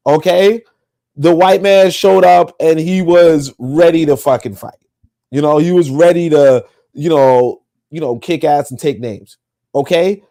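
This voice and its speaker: A man's voice: fairly high pitch, mellow. A male podcast host ranting on a livestream, exasperated and rambling, swearing often and leaning on fillers like "you know" and "like". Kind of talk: livestream monologue.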